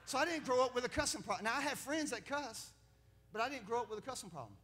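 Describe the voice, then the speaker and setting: A man preaching a sermon as pastor, telling stories with laughs and building to loud, emphatic preaching. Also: extremely high pitch, lively intonation, fast talker.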